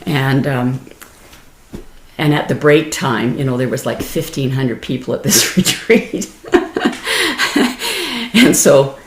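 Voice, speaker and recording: A woman meditation teacher giving a gentle, explanatory dharma talk, laughing easily and restarting her phrases. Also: extremely low pitch, takes it slowly, long pauses. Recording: roomy echo.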